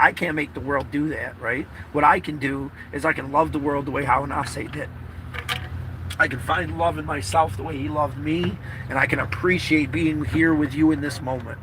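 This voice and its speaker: A man records a casual vlog from a car, his voice sitting a little high. He talks in a heartfelt, rambling way and swears freely. Clear outdoor and road noise runs underneath. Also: steady tone, normal speed. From New York. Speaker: vlogger. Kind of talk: emotional casual vlog talk.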